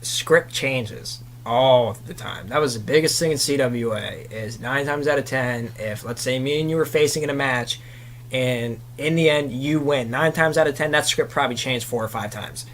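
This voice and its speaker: Young male guest, mid-pitched, rambling storyteller, faint hum under the voice. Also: normal speed, fairly bright tone. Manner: rambling, frequent "you know" fillers. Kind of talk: casual chat.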